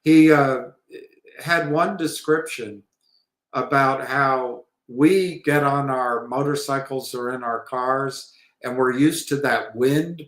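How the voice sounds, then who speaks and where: A man giving rambling commentary on markets and trading, halting, with many restarts and fillers. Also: mid-range voice, a bit bright. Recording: echoey room.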